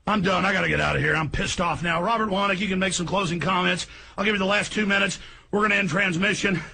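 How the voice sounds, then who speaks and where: A middle-aged man hosting talk radio, ranting angrily and often shouting into a studio microphone. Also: high voice, fast talker, gravelly, breathy edge. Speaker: radio talk show host. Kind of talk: impassioned talk radio rant.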